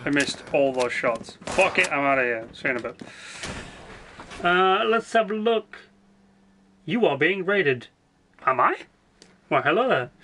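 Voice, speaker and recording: A man's voice: mid-range voice, animated, background noise. A man streaming a video game, chatting casually and rambling with frequent swearing. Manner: rambling, swears freely, quick asides. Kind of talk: casual live-stream chat.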